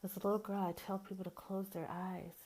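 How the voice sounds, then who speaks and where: Southern woman from mississippi, mid pitched voice, frank folksy monologue, calls you baby. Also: level tone, fairly quick, darkish tone. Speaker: podcast host. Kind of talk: personal monologue.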